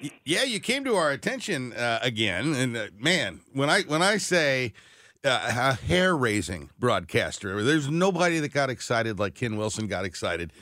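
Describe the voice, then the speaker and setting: A man hosting a radio interview, talking with excited enthusiasm. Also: medium pitch, moderate pace, dry recording. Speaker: radio show host.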